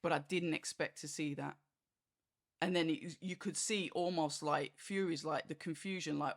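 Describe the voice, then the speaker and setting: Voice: mid-range voice, steady tone, moderate pace. A boxing channel host talks through a fight review in a rambling, chatty way. The talk is full of "like" and "you know", and the host acts out quoted reactions. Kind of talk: casual fight review monologue.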